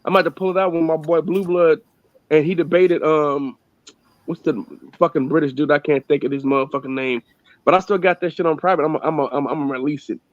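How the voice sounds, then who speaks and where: A man's voice: a little high, steady tone, fairly quick, dry recording. A man co-hosting a casual podcast, telling boastful, profane stories about arguing with fans online. The sound is dull and dry. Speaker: podcast co-host. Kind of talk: casual chat.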